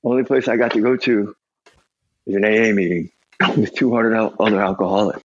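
A man's voice: on the low side, fairly even intonation, fairly quick, breathy edge, lo-fi sound. A middle-aged man telling his recovery story as a podcast guest, blunt and profane, acting out the voices of people in his story. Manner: blunt, profane, laughs often.

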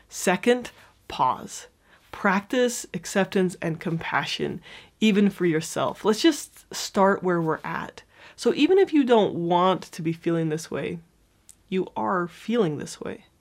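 A woman explaining a self-help technique in a calm, clear, gently encouraging teaching tone, as if from a script. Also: fairly low pitch.

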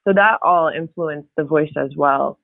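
Woman, interview guest, expressive, laughs often, phone-like tinny audio, dry sound. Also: deep voice, unhurried, creaky, no echo. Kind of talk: casual interview chat.

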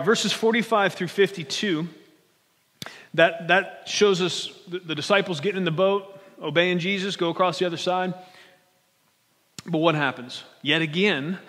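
High-voiced pastor preaching in a hall. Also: male voice. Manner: conversational, animated preaching with repeated restarts. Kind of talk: sermon. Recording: long hall reverb.

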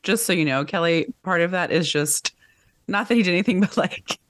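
A woman co-hosting a book club podcast, chatty and animated, laughing often. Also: fairly low pitch, brisk, dry recording. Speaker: podcast co-host. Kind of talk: casual book club chat.

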